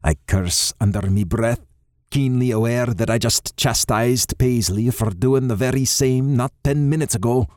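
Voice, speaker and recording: A man narrating a novel in the first person, steady and measured. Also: mid-range voice, no echo, clean studio sound. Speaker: audiobook narrator.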